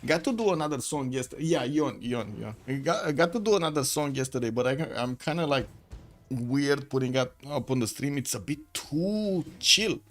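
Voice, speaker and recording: Man, mid-pitched voice, live game caster, rambling with fillers, soft music behind. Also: fairly quick. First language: Romanian. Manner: chatty, thinks aloud with many fillers. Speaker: esports caster. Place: home room with the window shut.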